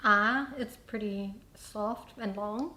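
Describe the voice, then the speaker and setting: A woman hosting a casual chat over wine, animated and laughing, often jumping into high exclamations. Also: slow. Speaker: host.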